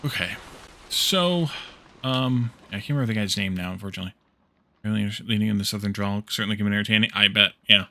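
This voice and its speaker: Talking fast in a lowish voice, a man streams a building game casually. He thinks aloud through his crafting and keeps reading and replying to chat, all in a relaxed way.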